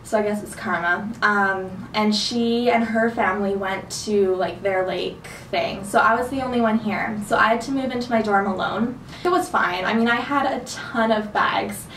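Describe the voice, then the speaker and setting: A woman's voice: mid-range voice, moderate pace, roomy sound, far from the mic, background noise. A young woman vlogger telling a rambling story in a casual chat, full of "like"s. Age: young adult. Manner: chatty, rambling with many "like"s. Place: dorm room.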